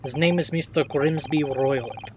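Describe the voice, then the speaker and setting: A man's voice: on the high side, normal speed, lightly acted. A man voicing a haughty foreign ship guard with a put-on Russian accent and blunt, broken English, over a noisy background. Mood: dismissive.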